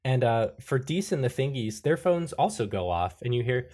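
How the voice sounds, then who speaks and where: A man's voice: medium pitch, very animated, normal speed, a little mellow. A man running a tabletop role-playing game as game master. He narrates loosely, swears, laughs, and breaks into sudden voices for the characters.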